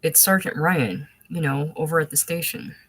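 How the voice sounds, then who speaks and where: A woman reading aloud voicing a gentle, placating young man. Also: low voice, normal speed. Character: earnest young man, a soothing seminary graduate.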